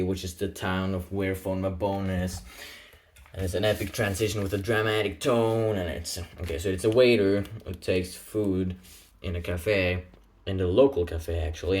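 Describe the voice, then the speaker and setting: A man's voice: low-pitched, darkish tone. A man casually retelling a comic in a rambling, playful way, throwing in sound effects. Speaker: comic narrator.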